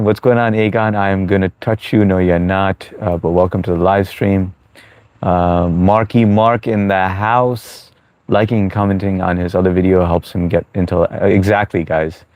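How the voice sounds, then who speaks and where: A man with a very deep voice hosts a relaxed live stream, reading comments aloud and chatting with viewers as bro and man. His voice sounds dry and close, with no room around it. He talks in an easygoing, casual way. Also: no room sound.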